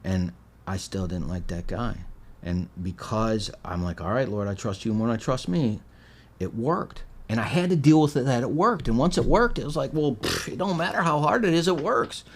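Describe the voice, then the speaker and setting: Animated storytelling man, lively swings. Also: medium pitch, normal speed, breathy edge. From Michigan. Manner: animated storyteller, acts out quotes with swings in loudness. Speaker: guest. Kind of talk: casual storytelling interview.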